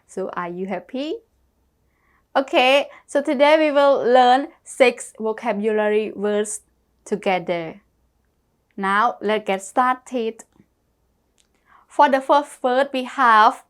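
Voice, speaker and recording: A woman's voice: a little high, drawn-out words, pauses often, a bit bright, clear, resonant tone. A woman teaching English vocabulary, repeating each word and spelling it out letter by letter. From Cambodia. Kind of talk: slow classroom lesson.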